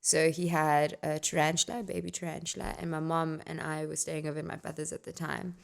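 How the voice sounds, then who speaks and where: A woman's voice: low-pitched, little pitch movement, fairly quick, creaky. A young adult woman on a podcast as a guest, chatting casually with a teasing, joking manner. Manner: playful, teasing, jokes. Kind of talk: casual chat.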